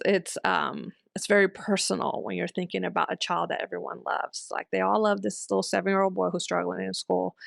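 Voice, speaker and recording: A middle-aged woman talks things over in a relaxed, thoughtful way, dropping in ums and quick little laughs. Her voice has a strong gravelly fry. The recording is close and dry, with no room sound. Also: mid-range voice, no room sound. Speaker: homeschool commentary host. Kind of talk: casual commentary reading and discussing an online post.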